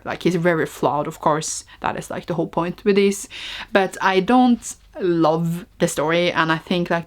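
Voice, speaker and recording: A woman with a Norwegian accent chats through her book picks in an easy, meandering vlog style. Her voice rests slightly low, and she fills her sentences with "like" and little self-mocking giggles. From Norway. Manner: chatty, rambling, peppered with "like". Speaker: book vlogger. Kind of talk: casual book review vlog.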